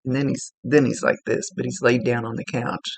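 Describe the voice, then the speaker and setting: A woman working as a psychic medium, giving a one-on-one reading and talking in a halting way, often searching for her words. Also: rumbling low, flat delivery, creaky, darkish tone, slightly rough, no room sound, low-quality recording.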